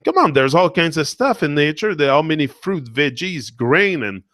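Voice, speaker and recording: A man's voice: on the high side, sing-song, moderate pace, a bit bright, no echo. Earnest man in a dry monologue. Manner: earnest, repetitive, emotional. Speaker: motivational speaker. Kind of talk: impassioned monologue.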